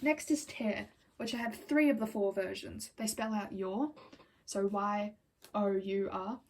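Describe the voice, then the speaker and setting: A woman's voice: mid-range voice, measured pace, slight background noise, rough recording. A woman chatting casually to camera as a vlogger, giggly and rambling, often slipping into whispered asides and little apologies. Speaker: vlogger reviewing album collection.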